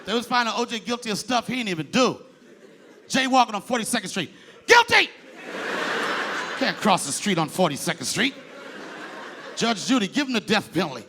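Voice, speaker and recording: High-voiced, animated male stand-up comic. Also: fairly quick. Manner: loud, animated, bursts into shouts. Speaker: stand-up comedian. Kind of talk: stand-up comedy. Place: live comedy stage before an audience. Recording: live audience laughter and room noise.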